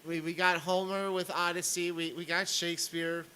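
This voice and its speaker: A man's voice: sits high, little pitch movement, moderate pace, sharp tone, slight background noise, rough recording. A man streaming a sarcastic rant, stammering and repeating words as he comments on clips.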